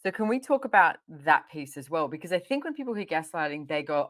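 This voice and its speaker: A woman hosting a podcast interview, telling personal stories in an animated, conversational way. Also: low voice, brisk, few pauses. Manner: animated storytelling, frequent laughter. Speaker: podcast host.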